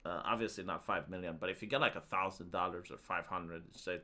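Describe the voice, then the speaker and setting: Low-voiced woman rambling on a stream. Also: brisk, bright, forceful tone. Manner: rambling, lots of "like" fillers, jokey. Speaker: streamer host. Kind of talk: casual live-stream chat.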